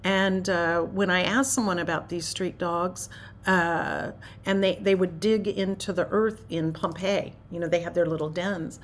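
A woman giving an unhurried, meditative spiritual talk, musing aloud and often dropping to a hushed near-whisper. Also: lowish voice, steady tone, a little hiss or hum. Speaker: spiritual teacher.

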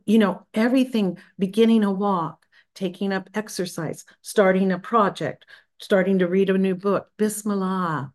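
Gentle woman leading a practice. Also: lowish voice. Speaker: spiritual practice leader. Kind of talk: guided practice on a video call. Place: Florida. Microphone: video call.

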